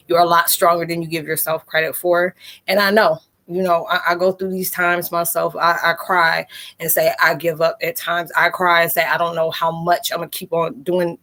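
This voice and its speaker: An adult woman hosting a casual livestream, reading viewer comments aloud and talking in a halting, rambling but reassuring way. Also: lowish voice, fairly bright tone, rough recording. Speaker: livestream host.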